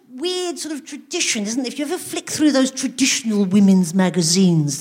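A woman performing stand-up comedy live on stage. Her voice sits a little high, and she tells her stories in a dry, wry way, tossing out rhetorical questions to the audience. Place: live venue.

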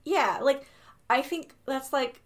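Woman co-host, a bit high-pitched, eager, theorizing, loose casual delivery. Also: slow pace. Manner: enthusiastic, heavy use of "like", floats theories. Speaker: podcast co-host. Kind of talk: casual chat.

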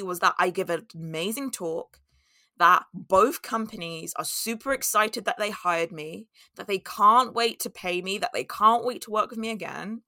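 A podcast host reflects alone on her own story, candid and storytelling, laughing and acting out her inner voices. Her voice is mid-range with a sharp tone, captured in clean studio sound without echo.

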